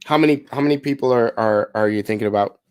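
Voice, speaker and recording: A man's voice: mid-range voice, fast talker, darkish tone, smooth, no room sound. A man in a casual, upbeat style making live sales phone calls and coaching the audience between them, often repeating words as he restarts.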